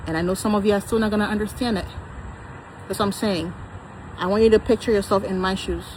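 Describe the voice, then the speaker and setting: A woman's voice: medium pitch, steady tone, quick pace, darkish tone, low-quality recording. Woman, thirties, personal vlog, insistent, defensive, faint street noise behind. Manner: insistent and defensive, repeats herself. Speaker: vlogger.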